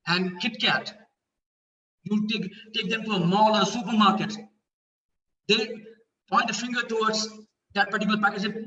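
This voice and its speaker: This parenting speaker, a man with an Indian English accent, has a high-pitched, pushed, bright voice and talks at a moderate pace with frequent pauses. His earnest talk walks parents through ideas step by step, dotted with rhetorical questions. It's picked up from a distance, so the sound is dull and roomy.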